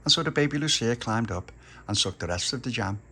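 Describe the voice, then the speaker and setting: A man tells a folksy story with lots of swing in his voice. His tone is bright and the delivery lively. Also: mid-range voice, fairly quick, a little hiss or hum.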